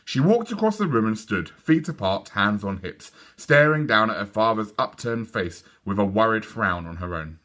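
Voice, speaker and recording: A man reading a children's book aloud in a lively, expressive storytelling voice. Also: fairly low pitch, normal speed, hardly any pauses. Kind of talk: children's read-aloud narration.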